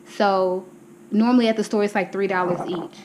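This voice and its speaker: A woman's voice: medium pitch, fairly even intonation, normal speed, darkish tone, rough recording. Young woman going thru her grocery haul at home, out of breath, talks to viewers like y'all, bit of faint hiss. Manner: chatty, addresses viewers as y'all. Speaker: vlogger. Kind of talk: casual grocery haul walkthrough. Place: home, indoors.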